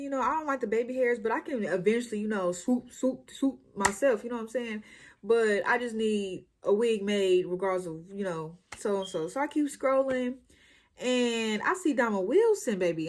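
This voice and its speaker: A young woman, chatting casually and animatedly as she tells a story-time vlog. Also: a little high. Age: young adult. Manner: chatty, slangy, animated retelling. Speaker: YouTuber.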